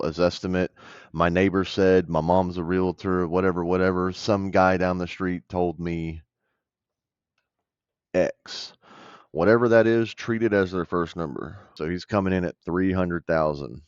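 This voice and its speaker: A man's voice: low-pitched, moderate pace, a little mellow, no room sound. A man from the American South, blunt and conversational, coaching viewers through a phone call he made. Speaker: real estate investor explaining a deal. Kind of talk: casual commentary over a call recording. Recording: dull dry voice-over.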